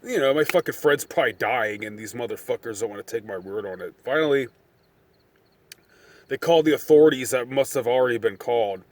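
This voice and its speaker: A man's voice: medium pitch, a little fast. Casual vlogger, male, thirties, mid-range voice; profane, meandering storyteller who heats up at the tense parts. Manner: profane, rambling, excitable when reliving events.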